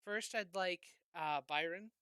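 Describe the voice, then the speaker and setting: A game master narrating a tabletop game with halting delivery and many fillers. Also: mid-range voice, pushed and bright, smooth, no echo.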